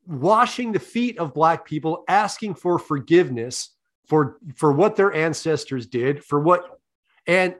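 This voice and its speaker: A man hosting a comedy podcast, asking leading questions in a deadpan, profane way. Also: high-pitched. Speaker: podcast host. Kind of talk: comic interview.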